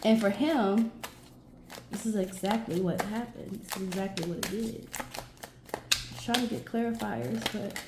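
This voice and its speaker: Female tarot reader, slow thoughtful delivery, casual musing aloud, roomy echo. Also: mid-range voice, background noise. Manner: musing, talks to herself and viewers, stretches words. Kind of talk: casual tarot reading monologue.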